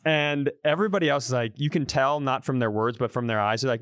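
A man co-hosting a podcast spins a long story in casual chat and throws himself into every quoted line. His voice sits at a middling pitch, recorded close and dry with no room sound. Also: fast, hardly any pauses, clean tone, no echo. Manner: animated storyteller, acts out quotes. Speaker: podcast co-host.

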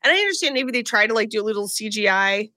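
A woman co-hosting a podcast, telling a movie plot in animated, comic style and acting out the characters' lines. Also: medium pitch, rapid-fire, no echo. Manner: animated storytelling, acts out characters' lines in put-on voices. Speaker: podcast co-host recapping a film. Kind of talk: casual comedic movie recap.

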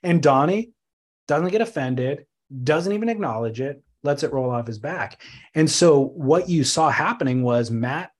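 Animated man co-hosting a chat podcast. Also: fairly high pitch, measured pace. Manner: animated, thoughtful storytelling with sudden bursts of laughter-tinged emphasis. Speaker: podcast co-host.

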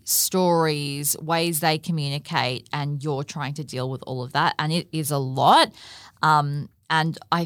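Low-voiced woman podcasting frankly. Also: no room sound, studio quality. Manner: frank and heartfelt, with swearing and frequent "like" and "you know". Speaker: podcast host. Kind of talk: candid solo podcast monologue.

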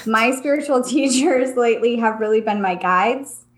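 A young woman co-hosting a casual spiritual chat podcast, earnest and reflective, dropping low to stress a point. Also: moderate pace. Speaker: podcast co-host.

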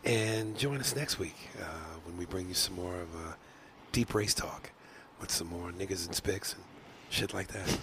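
A man voicing a smooth male easy-listening radio announcer, soft and low, in a slow crooning sign-off. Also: slight background noise.

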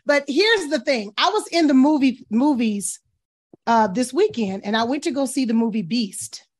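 A woman's voice: high-pitched, animated, normal speed. A woman co-hosting a talk show in casual, emphatic chat with her fellow hosts. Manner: chatty, emphatic, calls others "girl".

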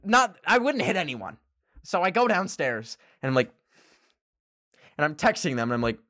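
A man's voice: a little high, normal speed, pauses often, no echo. Young man telling a story, dry sound. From Canada. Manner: animated, laughing, casual swearing. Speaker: vlogger. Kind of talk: casual storytelling.

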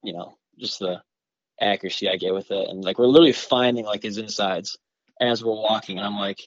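A man from Michigan, a bowhunter guest on a podcast, tells a story in an excited, rambling way and packs his talk with "like" and "you know". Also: on the low side, a little fast, no echo, highs cut off. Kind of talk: casual storytelling in a podcast interview.

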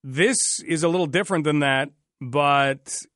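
Sarcastic, chatty male radio host from Canada with a slightly high voice and a dry close-mic sound. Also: a little slow, a bit bright, no echo. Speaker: radio talk show host. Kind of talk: casual radio talk.

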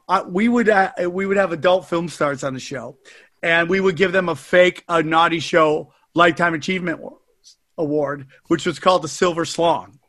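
A man with a high, bright voice hosts a podcast in loose, profane chat. He tells stories loudly and with a lot of animation. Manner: loud, profane, animated storytelling. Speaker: podcast host. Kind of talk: casual podcast chat and host-read ad.

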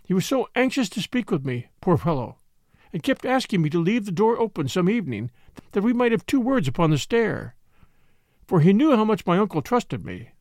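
A man's voice: high voice, big pitch swings, moderate pace, a little mellow, dry recording, clean studio sound. A man voicing a distraught young noblewoman in an audiobook, pleading and tremulous. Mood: weary. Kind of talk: audiobook character reading.

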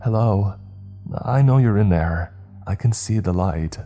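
A man voicing a desperate woman outside in the dark, pleading to be let in. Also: fairly low pitch, measured pace, faint music behind, voice pushed up. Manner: pleading, begging.

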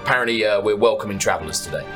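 A man's voice: lowish voice, rapid-fire, music in the background, natural voice. A man doing an offhand tavern bartender.

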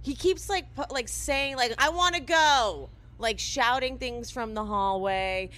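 A woman's voice: fairly high pitch, measured pace, a bit bright. A woman casually recapping a reality show on a podcast, telling it as a story and acting out the quotes, with lots of "like". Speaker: podcast co-host.

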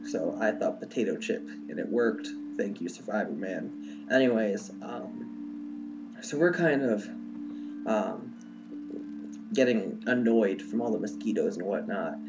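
A young adult man telling a personal story in a casual, rambling way, full of "like" and "um". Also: on the low side. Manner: rambling, heavy use of "like" and "um".

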